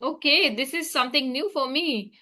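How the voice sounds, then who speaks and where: A woman guides a casual English practice chat, asking questions and saying "okay" often to keep things moving. Her voice is bright and a little sharp, and it sits fairly high. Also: moderate pace. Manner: encouraging, asks questions, frequent okays. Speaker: interviewer, English practice partner.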